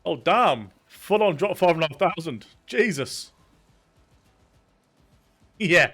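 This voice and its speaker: Male streamer, raised voice that swings widely, excitable and foul-mouthed while playing live. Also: on the high side, slow pace, slightly rough, soft background music. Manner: excitable, swears often, chats with viewers. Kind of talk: live gameplay commentary.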